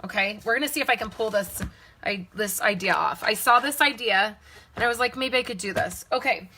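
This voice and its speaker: A woman's voice: medium pitch, fairly quick, pushed and bright, a little hiss or hum. A woman leading a casual live card-making demonstration, chatting and thinking aloud as she works and answering viewers' comments. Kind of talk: casual live crafting demo.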